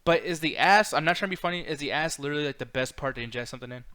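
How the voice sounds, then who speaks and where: A man co-hosting a casual movie review chat, enthusiastic and quick to laugh, using loose slang. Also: on the high side, sharp tone. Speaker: podcast co-host.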